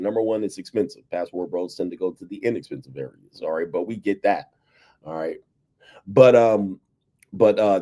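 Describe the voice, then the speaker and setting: An American man talks casually to his livestream audience, his low voice dark and mellow. He drops "all right" between nearly every phrase and chuckles to himself as he goes. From United States. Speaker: livestream host. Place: abroad, indoors.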